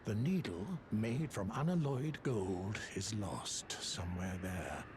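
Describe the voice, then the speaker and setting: An actor playing a solemn old male sage in a fantasy game, speaking in a measured, formal way. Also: fairly low pitch, animated, darkish tone. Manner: measured, formal, grave delivery.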